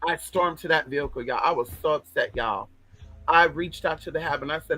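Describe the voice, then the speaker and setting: A man's voice: a little high, brisk, bright, forceful tone, rough recording. A man hosting a casual livestream, talking in a sassy, flamboyant way, swearing freely and reading out viewer comments.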